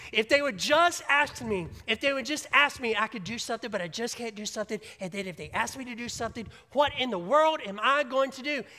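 A preacher voicing a flustered, panicking deity who frets aloud, in a high, exaggerated voice during a sermon. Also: fairly quick, bright, forceful tone, in a large hall, lightly acted. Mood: frantic. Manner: high, frantic, exaggerated fretting. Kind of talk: sermon illustration.

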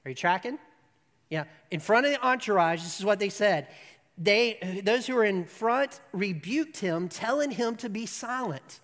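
A preacher retells a scripture story in a relaxed, conversational way, often turning to the audience with questions. The voice sits at a middle pitch. A long reverb hangs behind every phrase, as in a large hall. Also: unhurried. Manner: conversational storytelling, checks in with the audience and acts out scenes. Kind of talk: sermon.

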